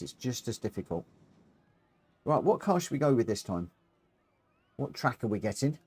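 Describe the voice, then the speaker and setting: A man runs chatty live commentary over a racing game stream, talking to himself and his viewers. His voice is mellow, and his pitch moves a lot as he reacts with eager exclamations. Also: big pitch swings, moderate pace, long pauses, husky.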